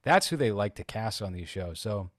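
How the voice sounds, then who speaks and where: A man's voice: fairly low pitch, big pitch swings, normal speed, no echo, studio quality. A man co-hosting a podcast in casual chat, crude and sarcastic, rambling through long asides. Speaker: podcast co-host.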